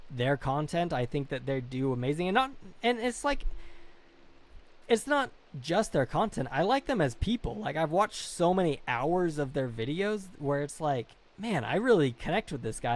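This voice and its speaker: A man's voice: a little high, lively intonation, normal speed. A young man live-streaming and chatting casually, reading comments, rambling and apologizing a lot at his own expense. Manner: self-deprecating, rambling, apologetic.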